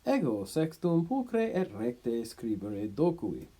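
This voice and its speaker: A man voicing a proud, defensive male schoolteacher in a spoken Latin story, with a husky voice. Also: mid-range voice, huge pitch swings, slow pace, mellow, exaggerated voice. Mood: insistent.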